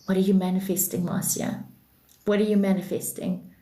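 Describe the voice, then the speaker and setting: A calm, patient neighbor woman, as a woman quotes her, speaking a touch lower and softer than the storyteller's own bright voice, in an echoey room. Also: moderate pace, natural voice. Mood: soothing.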